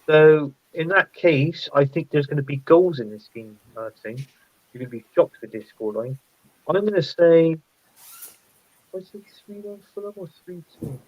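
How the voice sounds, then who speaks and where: A man chatting casually as a football podcast panelist, thinking out loud and laughing often. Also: on the high side, expressive, moderate pace, dull audio. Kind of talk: casual chat.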